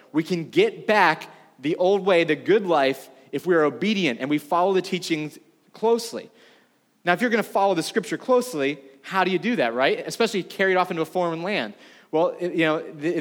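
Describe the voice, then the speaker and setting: A man's voice: fairly high pitch, big-room sound. A man preaching a sermon to a congregation in a casual, conversational way, full of asides. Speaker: pastor. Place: church room before a congregation.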